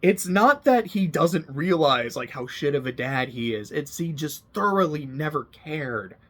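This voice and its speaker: A man's voice: fairly high pitch, very animated, a little slow, fairly bright tone. A young man talking casually about his favorite anime, emotional, laughing often and swearing now and then. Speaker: anime video host. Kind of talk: casual personal commentary.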